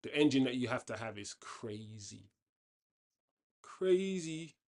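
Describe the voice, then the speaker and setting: A man's voice: fairly low pitch, steady tone, normal speed. Chatty opinionated man. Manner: chatty, opinionated, often restarts sentences. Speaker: watchalong host. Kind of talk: casual football commentary.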